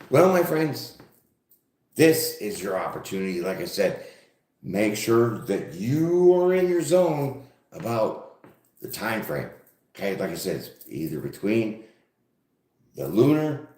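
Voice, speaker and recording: A man's voice: on the low side, darkish tone, reverberant. A man giving a casual live-stream tarot reading, talking straight to his viewers in a loose, profane way. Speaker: tarot reader.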